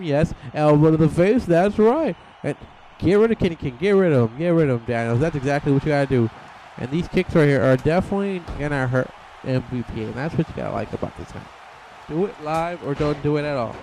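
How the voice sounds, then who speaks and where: A young man calls a wrestling video game match in loose, excited play-by-play, slipping into quick impressions of what the wrestlers might be thinking. His voice sits a little high for a man, with a faint hiss of noise behind it. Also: poor audio. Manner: rambling and playful, voicing wrestlers' thoughts in quick asides.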